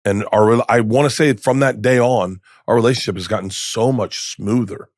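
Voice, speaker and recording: A man's voice: mid-range voice, steady tone, brisk, darkish tone, dry recording, studio quality. A middle-aged man, a comedian guest, telling candid stories in a podcast interview, rambling and restarting, with emotion showing through.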